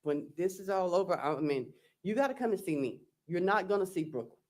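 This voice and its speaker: A woman testifying as a defendant in court. She reads text messages aloud in a slow, halting, plain-spoken way, recounting each exchange with "I said" and "he said.". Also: on the low side, animated, a little mellow.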